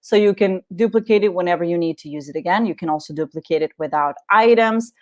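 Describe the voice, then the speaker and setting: Woman webinar host, slightly low voice, friendly walkthrough with fillers. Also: fast talker, darkish tone. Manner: friendly, many fillers, talks viewers through clicks. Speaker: webinar presenter. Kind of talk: live software tutorial webinar.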